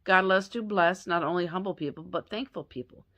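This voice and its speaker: A woman's voice: lowish voice, fairly quick, bright, forceful tone. A woman retelling a Bible story as a lesson, chatty and self-correcting, with asides to her listeners.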